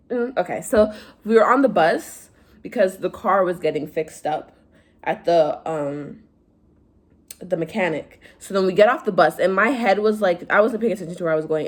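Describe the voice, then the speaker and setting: A young woman vlogger telling stories in casual chat, animated, acting out quotes in a higher voice. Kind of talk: casual storytime vlog.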